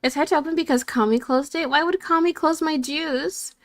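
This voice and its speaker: A woman's voice: high-pitched, fairly quick. A woman VTuber streamer chatting casually and reading her chat aloud in a bubbly, playful way.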